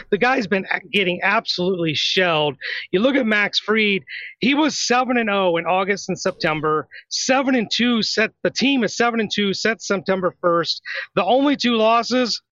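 A man's voice: high-pitched, sharp tone, no room sound. A man co-hosting a sports betting show, talking confidently in a casual style and reeling off stats. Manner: brisk, stat-heavy, confident. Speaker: sports betting podcast co-host. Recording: slightly dull lo-fi sound.

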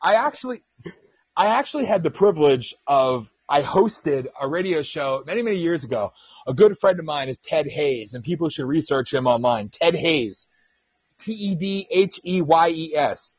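A man's voice: on the high side, expressive, normal speed, no room sound, dull audio. A man hosting a radio talk show, telling stories in a casual, profane way and mimicking the people he quotes. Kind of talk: casual political radio chat.

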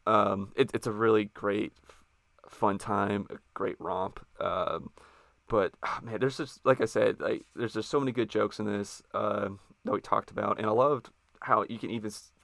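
A man's voice: fairly low pitch, steady tone, normal speed, creaky, a bit bright, dry recording. An American man hosting a podcast, chatty and loose, laughing often as he talks. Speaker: podcast host. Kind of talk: casual podcast interview.

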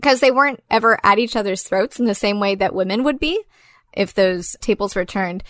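A woman talking casually about a film, animated and laughing, swearing freely. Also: medium pitch, fairly quick, no room sound.

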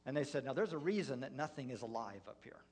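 A man, a pastor, preaching a sermon through a personal story, halting with many fillers and restarts. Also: mid-range voice, animated, darkish tone, husky. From United States.

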